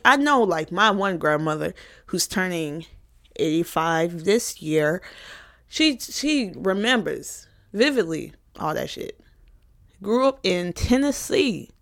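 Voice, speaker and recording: A young woman in her twenties speaks straight to the camera in a candid vlog. She talks with an average pitch in a frank, emotional, casual way, swearing freely. The delivery is close and personal, like a student unloading her feelings. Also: a bit bright. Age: 20s. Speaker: college student vlogger.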